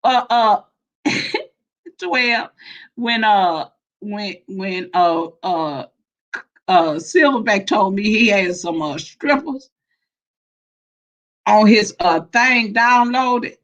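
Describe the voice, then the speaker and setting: A woman's voice: mid-range voice, extremely slow, long pauses, a bit bright, rough recording. A woman hosting a casual livestream, laughing often as she greets viewers by name and reads their comments. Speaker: livestream host.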